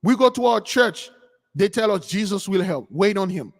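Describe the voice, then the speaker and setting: A man's voice: high voice, expressive, normal speed, gravelly. A man hosting a channel, delivering an impassioned, preachy rant as livestream commentary. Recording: long hall reverb.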